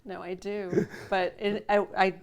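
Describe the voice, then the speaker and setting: A woman's voice: medium pitch, little pitch movement, unhurried, smooth. A woman co-hosting a podcast, chatting casually in a candid, teasing, self-deprecating way. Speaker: podcast co-host. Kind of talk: casual conversational chat.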